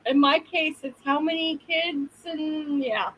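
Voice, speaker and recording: A woman's voice: high-pitched, fairly even intonation, takes it slowly, fairly bright tone, slight background noise, rough recording. A middle-aged woman from Oklahoma co-hosting a podcast, trading wry, teasing banter in casual chat. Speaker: podcast co-host.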